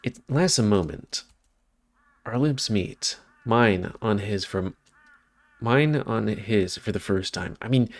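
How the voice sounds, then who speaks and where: A man reading a visual novel aloud as a let's play, stumbling and correcting himself now and then, with off-script asides. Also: fairly low pitch. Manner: reads narration with stumbles and self-corrections, breaks off for asides.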